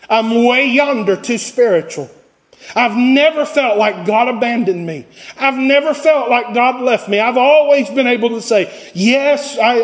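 Pastor, male, high-pitched, sermon delivery with rising and falling intensity. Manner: preaching with swells and drops in intensity.

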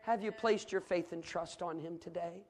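A man's voice: high-pitched, fairly even intonation, moderate pace, slight background noise. A middle-aged man delivers a sermon and tells a personal story. His manner is earnest and folksy, and he often restarts his phrases. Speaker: preacher.

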